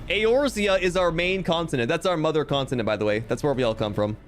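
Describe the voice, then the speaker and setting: A man streaming a game, chatting casually with animated, jokey, sometimes crude asides over faint game music. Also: on the high side, quick pace, hardly any pauses. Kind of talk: casual let's-play commentary.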